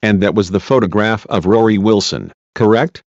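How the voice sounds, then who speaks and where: A man reading a male defense lawyer's questions, measured and reassuring, in a dull lo-fi recording. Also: fairly low pitch, no echo, close to an everyday voice. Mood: courteous. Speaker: cross-examining lawyer.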